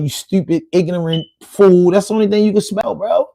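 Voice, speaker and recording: A man's voice: a little high, a little fast, few pauses, a little mellow, no echo. A man with a Baltimore accent hosting a podcast live stream, talking casually and trading rhyming insults with trolls. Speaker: podcast host.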